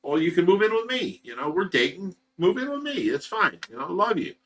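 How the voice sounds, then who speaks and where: Ohio man, thirties, livestream host, rambling casual storyteller, bright edge, mic a step away. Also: high voice, very animated, brisk, slight background noise. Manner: rambling, repetitive, many fillers and restarts. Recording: voice some distance from the mic.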